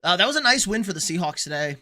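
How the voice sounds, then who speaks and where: Young guy streaming sports reactions, bright punchy voice, blunt and swears a lot, reads chat. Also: sits high, sing-song, fast talker. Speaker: sports livestream host. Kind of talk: casual livestream commentary.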